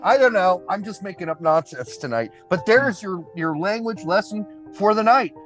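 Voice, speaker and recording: A man co-hosting a casual soccer podcast, animated, laughing often and swearing freely. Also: sits high, moderate pace, faint music behind. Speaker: podcast co-host.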